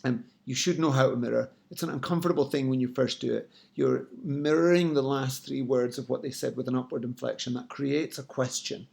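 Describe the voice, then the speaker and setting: A man's voice: mid-range voice, brisk, gravelly, hardly any pauses, a little mellow. A man giving direct sales coaching tips in an instructional talk. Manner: coaching, direct, frequent "yeah, right?". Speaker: sales trainer.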